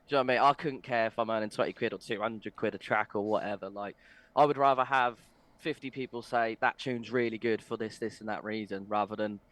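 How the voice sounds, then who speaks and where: A man's voice: fairly low pitch, steady tone, fast talker, fairly bright tone, no room sound. A young man, a musician guest, chatting casually and enthusiastically, with many "like"s and "mate"s. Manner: enthusiastic, laughs easily, uses "like" and "mate". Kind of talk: casual interview chat.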